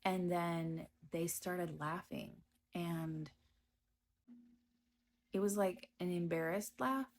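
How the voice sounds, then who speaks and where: A woman giving a personal testimony about her past, speaking slowly and hesitantly with frequent pauses and restarts. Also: on the low side, a little hiss or hum. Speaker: storyteller recounting her past.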